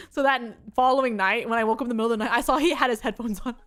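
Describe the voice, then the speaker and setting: A young woman VTuber chatting casually on stream, telling stories in an animated way with lots of laughter. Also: on the high side, very fast, faint music behind. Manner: animated storytelling with frequent laughter.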